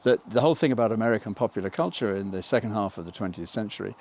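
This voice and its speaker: An older man with a somewhat low voice reflects in a documentary interview. He talks in a thoughtful, digressive way, often stopping to correct himself as he works out a point. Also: animated, rapid-fire, darkish tone. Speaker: film writer and interviewee.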